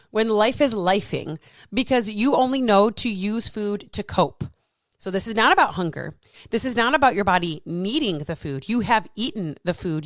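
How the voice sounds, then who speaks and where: A woman in her thirties or forties, a fitness coach talking casually and frankly, animated and swearing freely. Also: mid-range voice, no echo. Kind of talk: casual solo talk.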